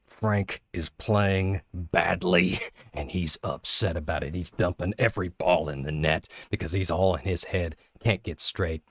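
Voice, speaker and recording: A man teaching public speaking through a personal story, earnest and candid, often halting and restarting mid-sentence. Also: low voice, fairly even intonation, slightly rough, no echo, clean studio sound.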